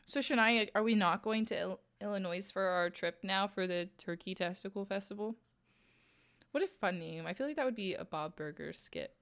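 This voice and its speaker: A woman streamer chatting casually with her viewers while crocheting, playful and quick to laugh. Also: mid-range voice, fairly bright tone, clear, resonant tone. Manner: playful, laughs often, reads chat aloud.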